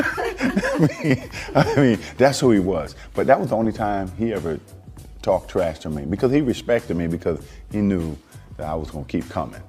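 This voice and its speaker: A former basketball player telling animated, chuckling stories in a casual sit-down interview. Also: male voice, sits low, normal speed, soft background music.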